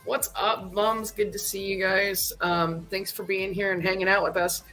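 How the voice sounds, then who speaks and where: A woman on a livestream panel greeting viewers in a relaxed, friendly way with some hesitation. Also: mid-range voice, moderate pace, faint music behind, poor audio. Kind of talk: casual panel chat.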